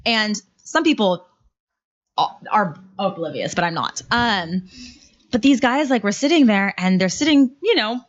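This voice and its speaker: Woman, 30s, podcast guest; candid storyteller, swears a lot, mid-pitched, muffled lo-fi recording. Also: expressive, a little slow. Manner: candid, swears freely, many likes and fillers. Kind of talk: casual storytelling. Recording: dull lo-fi podcast audio.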